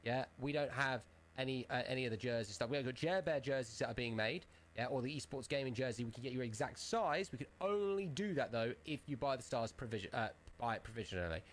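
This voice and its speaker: A man's voice: mid-range voice, lively intonation, fast talker, slight background noise. A man co-hosting a live gaming stream, running a raffle and reading off numbers in a rambling, swear-laced way. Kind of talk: casual live-stream chat.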